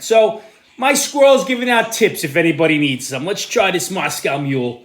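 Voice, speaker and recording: A man hosting a vlog, giving sarcastic, exasperated political commentary that bursts into shouting. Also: fairly high pitch, expressive, moderate pace. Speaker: host.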